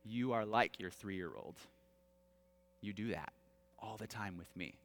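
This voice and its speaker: A man voicing a gentle, fatherly God who speaks softly and tenderly, heard with long hall reverb. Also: lowish voice, unhurried.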